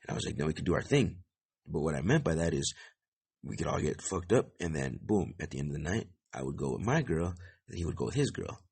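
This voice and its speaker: A young man hosting a podcast, telling a story in a rambling, profane way with lots of fillers and a gravelly, husky voice. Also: extremely low pitch, sing-song, quick pace, darkish tone. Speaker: podcast host. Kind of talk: casual storytelling monologue.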